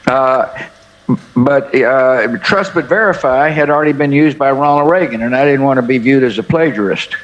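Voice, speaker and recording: A man in his seventies from the United States, a former head of state telling anecdotes in an interview in a folksy, halting way full of "uh" fillers. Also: medium pitch, lo-fi sound.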